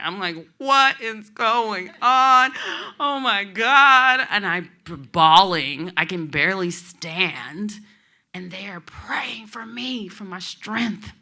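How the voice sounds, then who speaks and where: A woman's voice: on the low side, pushed and bright. A woman giving an inspirational talk to an audience, telling a personal story in an emotional, heartfelt way and speaking to the listeners directly. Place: expo talk before an audience.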